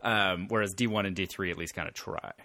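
A man's voice: deep voice, a little fast, pushed and bright, dry recording. Chatty man in a dry room. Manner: chatty, laughing, many fillers. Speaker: podcast co-host. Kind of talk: casual movie discussion.

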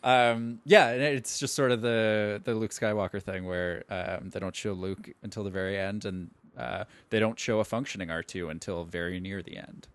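A man with a low-pitched voice co-hosting a relaxed film podcast. He talks in a hesitant, casual way, full of ums, you-knows and restarts. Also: moderate pace, few pauses, dry recording. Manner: hesitant, many fillers and restarts. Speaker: podcast co-host.

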